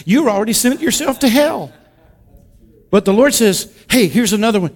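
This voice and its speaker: A man preaching with fervent passion, his voice sitting a little higher than most men's. He swings from loud cries to hushed, tender asides. A long reverb from a large hall trails after his words. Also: lively intonation, normal speed. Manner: impassioned, swings from loud exclamations to hushed intimate tones. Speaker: pastor. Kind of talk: sermon.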